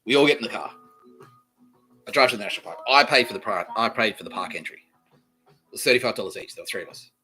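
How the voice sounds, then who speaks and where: A man with an Australian accent delivering a rambling, profane comedic monologue, repeating himself and swinging between loud outbursts and mumbling. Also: on the low side, expressive, quick pace, pauses often, faint music behind. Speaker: podcast host.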